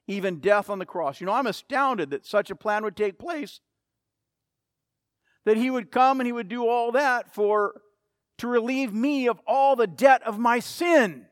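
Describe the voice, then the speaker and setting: Emphatic high-voiced male preacher. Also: measured pace, no room sound, studio quality. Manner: emphatic, repeats key phrases. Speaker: pastor. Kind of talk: sermon.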